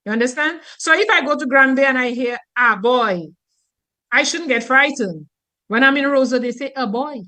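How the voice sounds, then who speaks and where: A fairly high-voiced woman from Dominica. She speaks as a linguist guest on a radio call-in program. She explains patiently and illustrates her points with spoken examples. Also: a little fast, bright, forceful tone. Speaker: linguist guest and former teacher.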